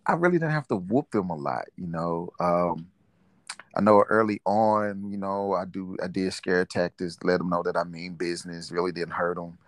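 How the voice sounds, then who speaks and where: A middle-aged man talks in a very low voice, thoughtful and quick to laugh. The sound is close and dry. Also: no echo. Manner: warm, reflective, laughs often. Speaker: interviewee, father. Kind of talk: casual family interview.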